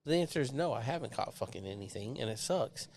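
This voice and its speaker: Man, casual live-show host, swearing freely, lively voice that jumps around when he mimics people. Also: medium pitch, fast, gravelly. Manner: profane, animated, acts out neighbors in raised voices. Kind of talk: casual rambling storytelling.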